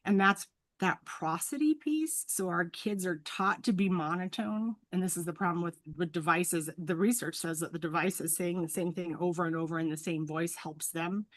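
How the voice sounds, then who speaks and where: A woman's voice: lowish voice, moderate pace, few pauses, no echo. A woman speech-language pathologist, a guest on an interview, explaining in an earnest, teacherly way and often checking in with "right?". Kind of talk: explanatory professional conversation.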